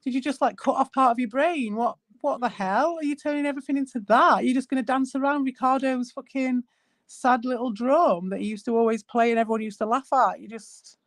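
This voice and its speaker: A woman's voice: sits high, fairly quick, no echo. A woman streamer in casual chat, blunt and exasperated, swearing a lot.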